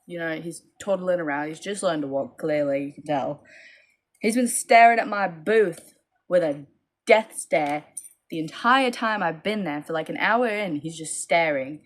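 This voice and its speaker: Tired young woman, low-ish voice, rambling casual phone vlog storytelling. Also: measured pace. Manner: tired, rambling, animated with high-pitched quoted voices. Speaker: small business owner vlogging.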